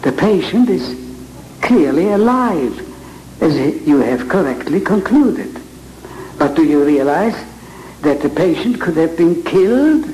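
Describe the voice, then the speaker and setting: A man with a head cold teaching Bible reading to a live audience, speaking with slow, theatrical emphasis. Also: on the high side, very animated, dark tone, a little hiss or hum. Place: large hall with audience. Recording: echoey hall with audience ambience.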